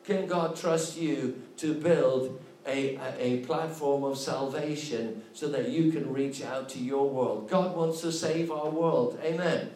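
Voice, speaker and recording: A man's voice: fairly high pitch, slow pace, dark tone, a little hiss or hum. A man preaching a sermon, emphatic and full of repeated refrains. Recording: echoey room, voice from a distance.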